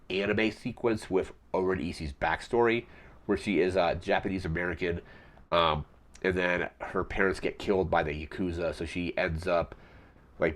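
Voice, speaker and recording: A man hosting a podcast, casually recapping a film in a rambling way full of fillers. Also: sits low. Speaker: podcast host.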